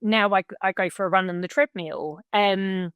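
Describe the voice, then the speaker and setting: A woman's voice: medium pitch, moderate pace, smooth, no room sound, muffled recording. A woman speaking as a podcast guest in a frank, blunt, matter-of-fact way. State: widowed, remarried. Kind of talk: frank conversational podcast talk.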